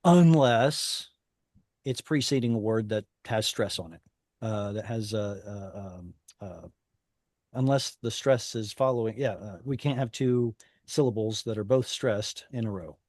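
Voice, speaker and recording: A man's voice: lowish voice, unhurried, darkish tone, no echo, studio quality. Patient man teaching a class. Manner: patient, explains step by step, asks the class questions. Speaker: Hebrew teacher. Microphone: video call.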